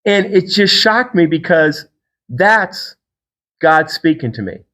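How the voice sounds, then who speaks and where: A middle-aged man hosting a podcast, telling a personal faith story in a casual, animated way and acting out the people he quotes. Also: slow. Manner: animated storyteller, acts out quotes with big pitch jumps. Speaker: podcast host.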